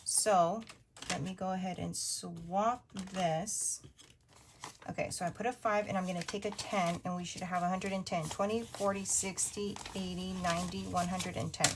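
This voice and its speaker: A woman's voice: mid-range voice, background noise. A woman in her thirties, a budgeting vlogger, chatting casually and upbeat with many fillers as she counts cash, at times whispering. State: partly whispering. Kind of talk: casual chatty narration over cash stuffing.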